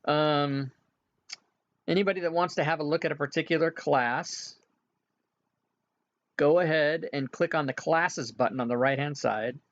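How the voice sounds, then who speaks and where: The man speaks in a fairly high voice, a little slowly and with long pauses, on a lo-fi recording. As game master, he loosely walks players through setting up an online game session, frequently using filler sounds.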